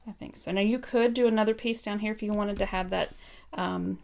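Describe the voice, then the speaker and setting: A woman's voice: medium pitch, steady tone, brisk, vocal fry, a little mellow. A woman casually demonstrating card making on a live stream, thinking aloud with frequent ums and asides to viewers. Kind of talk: casual live craft tutorial.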